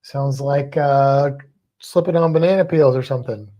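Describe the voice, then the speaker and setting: A man's voice: mid-range voice, normal speed, warm tone, lo-fi sound. A man co-hosting a livestream in casual chat. He rambles, hesitates often and laughs a lot. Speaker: livestream co-host.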